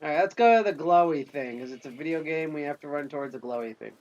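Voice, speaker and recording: A man's voice: on the high side, quick pace, darkish tone, muffled recording, slight background noise. A man giving jokey, casual commentary while he plays a video game on stream. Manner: jokey, chatty, reacts aloud while playing.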